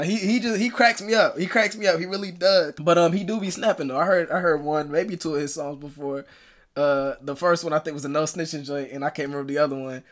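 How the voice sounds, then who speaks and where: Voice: medium pitch, a bit bright. A reaction video host commenting casually, laughing often and repeating phrases in slangy talk.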